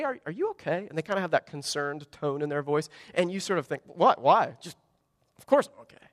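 A man preaching a sermon as a pastor, animated, with wide swings in pitch and volume. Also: no echo, clean studio sound, long reverb tail. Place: church sanctuary.

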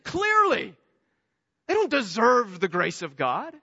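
A man preaching a sermon, animated, moving between loud emphasis and hushed storytelling. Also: very high voice, measured pace, long pauses, husky. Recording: dull lo-fi sound with long hall reverb.

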